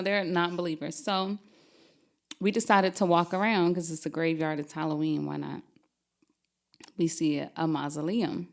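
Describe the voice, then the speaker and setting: Low-voiced woman telling a ghost story. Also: normal speed, vocal fry, long pauses. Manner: animated, laughing while telling a scary story. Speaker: podcast guest. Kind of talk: casual storytelling.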